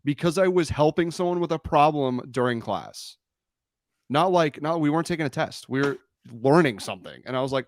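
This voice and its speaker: A man's voice: on the high side, animated, a little fast, slight background noise. A young man hosting a casual podcast chat, blunt and joking, swearing freely. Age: young adult. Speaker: podcast host.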